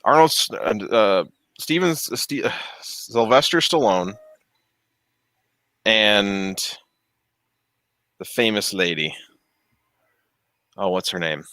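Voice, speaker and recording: A man with a lowish, bright and forceful voice, talking casually while he works. He rambles, laughs easily and loses his words mid-sentence. The sound is dry and close, with no room around it. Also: animated, takes it slowly, pauses often, no echo. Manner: rambling, laughs often, trails off searching for words. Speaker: streamer fixing printers. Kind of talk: casual chat. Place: home workshop.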